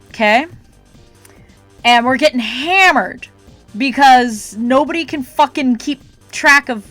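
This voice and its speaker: A woman with a fairly high voice rants on her stream, salty and swearing freely. She talks casually to her chat, and faint music plays under her voice. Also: a bit bright, no echo. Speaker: art streamer.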